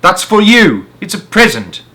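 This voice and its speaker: A man voicing a cheerful, generous gentleman who calls out from a balcony. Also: fairly high pitch, sing-song, normal speed, pitched above the performer's own voice. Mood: excited shouting. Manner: calling out loudly, then apologetic.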